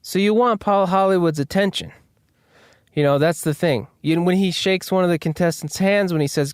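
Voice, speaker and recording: A man's voice: high voice, normal speed, smooth, dry recording, studio quality. A male host riffing in a casual, rambling, self-deprecating monologue and swearing freely.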